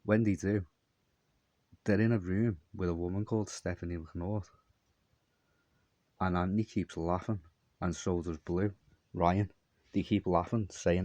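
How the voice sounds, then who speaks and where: A man's voice: low-pitched, fairly even intonation, a little slow, long pauses, dark tone, no room sound. A man telling a long, meandering story in a repetitive monologue. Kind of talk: rambling monologue.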